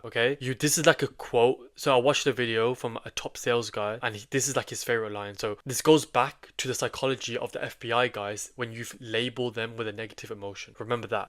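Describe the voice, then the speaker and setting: A British man giving a casual sales and software tutorial, chatty and loose, often checking in with "right?" and "okay?". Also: mid-range voice. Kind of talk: casual instructional talk.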